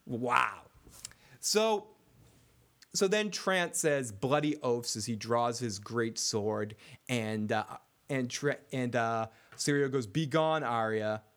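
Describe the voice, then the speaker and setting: A man co-hosting a casual recap podcast, talking excitedly, swearing and often restarting his sentences. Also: mid-range voice, slow pace. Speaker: podcast co-host.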